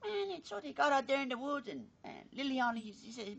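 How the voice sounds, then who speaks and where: A woman's voice: high-pitched, sing-song, fairly quick, gravelly. A woman telling a folksy joke casually, drawling and saying "man" and "you know". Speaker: storyteller.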